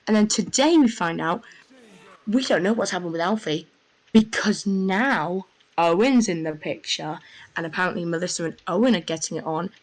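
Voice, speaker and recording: A young woman telling a rambling, excitable story in casual voice chat, full of fillers. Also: fairly low pitch, moderate pace, low-quality recording. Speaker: gamer.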